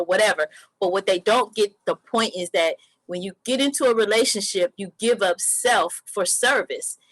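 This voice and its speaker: A woman co-hosting a casual relationship podcast, reflective and quick to laugh. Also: medium pitch, fairly bright tone, no echo, poor audio. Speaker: podcast co-host.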